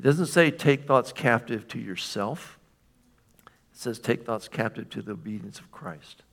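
A male pastor delivering a sermon in a relaxed, conversational way. He keeps asking the congregation questions and checking that they follow, with a mid-range voice. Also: mid-range voice, unhurried.

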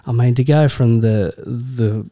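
A man's voice: medium pitch, unhurried, warm tone, dry recording. An Australian man co-hosting a podcast, talking with dry, mock-serious humour and colourful turns of phrase. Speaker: podcast co-host. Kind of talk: casual banter.

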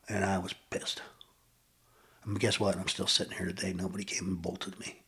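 Older man with a husky, low voice. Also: flat delivery, fairly bright tone. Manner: earnest, reflective storytelling with pauses. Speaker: podcast guest. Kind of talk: personal recovery story.

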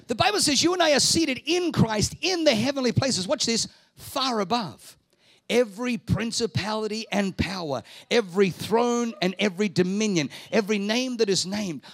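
A man's voice: high-pitched, moderate pace, creaky, no room sound. A man preaching a sermon with emphatic, repetitive phrasing, rhetorical questions and calls for the congregation to respond. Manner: calls the audience to respond aloud. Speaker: pastor.

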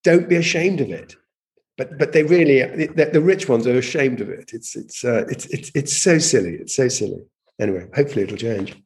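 A man's voice: medium pitch, a little fast. A man speaking as a guest in a conversational interview, telling stories animatedly, often repeating and restarting words as he thinks. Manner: animated storytelling, frequent repetitions and restarts. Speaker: guest, language campaigner.

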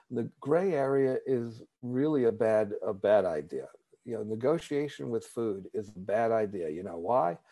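A man's voice: medium pitch, gravelly, warm tone. A man sharing his personal story at a recovery support meeting, candid and conversational, often repeating words as he gathers his thoughts.

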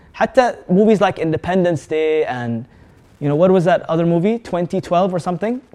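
A man with a high voice preaches a lively sermon to a live audience. He asks the audience questions and mixes Arabic words and recitation into his English. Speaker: Islamic preacher.

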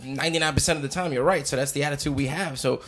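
A man telling stories in a casual chat, animated and profane. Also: fairly high pitch, rapid-fire, slight background noise.

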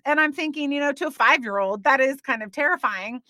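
A woman in her thirties hosts a faith podcast, chatting in a bubbly, animated way full of quick asides. Her voice sits high and bright. The close mic keeps the sound dry. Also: no echo. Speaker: podcast host.

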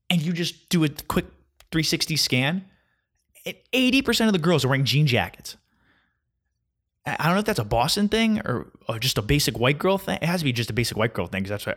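Sarcastic young man ranting. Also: a little high. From New Jersey. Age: 20s. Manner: sarcastic, mocking, animated storytelling with many fillers. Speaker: vlogger. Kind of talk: casual ranting monologue.

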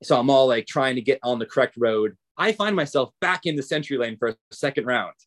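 A man's voice: medium pitch, brisk. Man telling a story in casual chat. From United States. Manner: animated, acts out others' lines in quotes. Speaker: podcast guest.

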